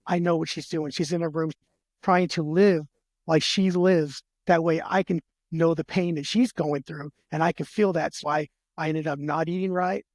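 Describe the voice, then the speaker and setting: A man pours out his own story as a podcast guest, earnest and heartfelt, stumbling into restarts and repeated words as he goes. His voice sits a touch high for a man and turns gravelly at the ends of phrases. The sound is close and dry, with no room behind it. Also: steady tone, no echo. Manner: earnest, heartfelt, retells conversations in quick back-and-forth. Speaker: podcast guest, military veteran. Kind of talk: emotional personal storytelling in a podcast interview.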